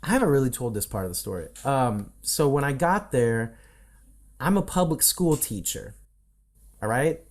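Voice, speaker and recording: Over a video call, a Midwestern American man, a voice coach appearing as a podcast guest, tells stories in a relaxed interview. He is an animated narrator who performs the voices of the people in his tales, speaking at a normal speed in a mid-range voice.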